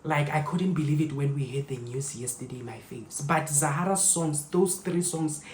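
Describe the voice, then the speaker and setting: A South African woman vlogger telling a story while she cooks in her home kitchen. She is an expressive storyteller who mixes in local phrases and talks directly to her viewers. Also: low voice, normal speed, echoey room, slight background noise, low-quality recording.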